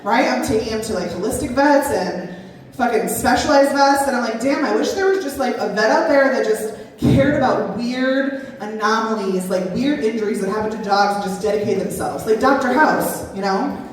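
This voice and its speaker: A woman's voice: on the high side, moderate pace, few pauses, recorded from a distance. A woman doing a stand-up comedy set on a brewery stage, rambling and self-deprecating with many fillers. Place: brewery stage at a live show. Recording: echoey hall, mic heard from afar, loud crowd. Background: audience laughter.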